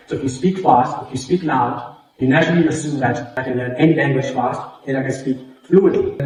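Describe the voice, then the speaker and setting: A man's voice: on the high side, darkish tone, distant mic. A public speaking coach, a man whose first language is Xhosa, speaks English with a South African Xhosa accent. He teaches a workshop, explaining and repeating points and demonstrating as he goes. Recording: very echoey room, voice from afar.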